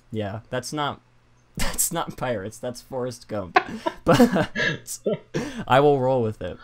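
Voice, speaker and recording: A podcast host chats loosely and pokes fun at himself while reading quotes aloud. His mid-range voice is animated, and he takes it slowly with frequent pauses.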